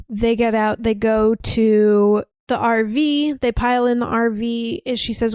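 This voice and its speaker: A woman's voice: fairly high pitch, steady tone, measured pace, a little mellow, smooth, dry recording. A young woman co-hosting a podcast, casually retelling a story and acting out the quotes as she goes. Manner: breezy storyteller, acts out quotes. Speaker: podcast co-host recapping a film. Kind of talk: casual chat, retelling a plot.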